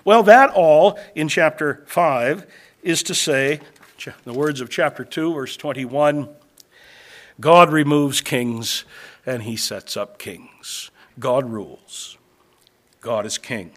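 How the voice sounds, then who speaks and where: A man preaching a sermon that teaches through scripture, swinging between loud, emphatic lines and quiet, low asides, and slowing down to stress key phrases.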